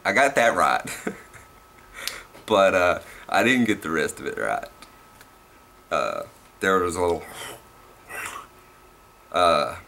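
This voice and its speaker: Young Southern man, bright edgy voice, rambling and cussing in a casual vlog. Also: deep voice, animated, slow, vocal fry, long pauses. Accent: Southern US, Tennessee. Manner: rambling and profane, laughs at himself. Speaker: vlogger.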